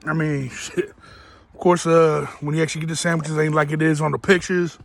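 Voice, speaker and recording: A man with a somewhat high voice doing an offhand food review for his viewers. He swears constantly and talks bluntly and crudely, often with his mouth full. His delivery is loose, unscripted and grumbling. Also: little pitch movement, brisk, vocal fry. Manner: talks while chewing. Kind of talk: casual food review vlog.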